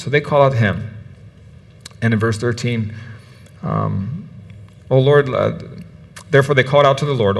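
Pastor giving a sermon, acts out the characters, room rings long behind him, medium-pitched man. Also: moderate pace, gravelly, pauses often. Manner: animated, acts out biblical characters' words. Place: church in the UAE. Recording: church hall with long reverb.

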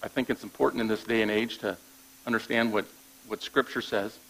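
A man's voice: fairly low pitch, fairly even intonation, fairly quick, fairly bright tone, rough recording. A man preaching a sermon in a conversational way, often checking in with his listeners and restarting phrases as he goes. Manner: conversational preaching with frequent "all right?" check-ins; repeats words when restarting thoughts. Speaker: pastor.

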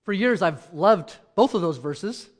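A church elder preaching a sermon, moving between scripture reading, a quiet prayer and personal stories with loud dramatic peaks. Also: male voice, sits high, animated, measured pace. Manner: reads scripture, prays softly, then tells stories and rises to loud dramatic peaks.

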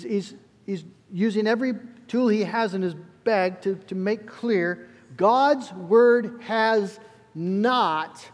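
A man's voice: high-pitched, in a large hall. A male pastor preaching a sermon in an earnest, emphatic way, often restarting his phrases.

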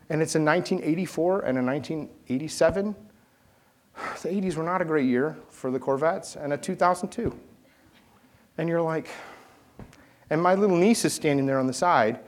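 Animated male preacher telling stories. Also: on the high side. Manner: animated storytelling, swings from shouting to hushed. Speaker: pastor. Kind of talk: sermon.

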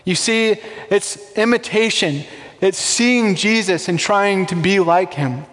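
A pastor with a notably high voice takes his time through a relaxed, conversational sermon, frequently tossing rhetorical questions at the congregation. The long reverb of a large church sanctuary rings around his words.

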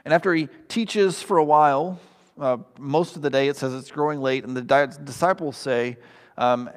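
A man's voice: mid-range voice, a little fast, in a large hall. A man preaching a sermon, earnest and conversational, with ums and asides to the congregation. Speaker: pastor.

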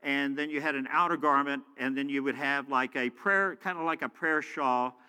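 A pastor giving a conversational sermon, reading scripture and acting out the people in it. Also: male voice, mid-range voice, fairly even intonation, normal speed, pushed and bright, clean tone, big-room sound. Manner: conversational, acts out quoted voices.

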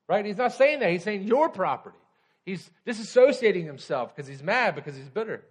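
A pastor preaching a conversational sermon, often checking in with the congregation. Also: male voice, high voice, very animated, brisk, breathy edge.

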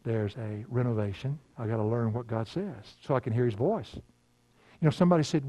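An older man, preaching a sermon in a folksy storytelling way, laughing often and dropping to a hush. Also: medium pitch, fairly quick, no echo. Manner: folksy storytelling, laughing, swings from loud to hushed. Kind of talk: sermon with personal stories.

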